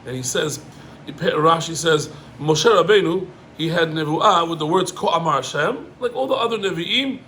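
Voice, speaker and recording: A middle-aged man, a rabbi, gives an animated Torah lesson, climbing in pitch on emphatic points and mixing in Hebrew terms. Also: moderate pace, slight background noise, rough recording.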